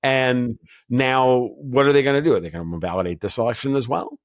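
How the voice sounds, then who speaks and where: A man's voice: medium pitch, fairly quick. Blunt rambling man in a podcast chat. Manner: blunt, rambling, frequent restarts. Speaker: guest commentator. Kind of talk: casual podcast interview.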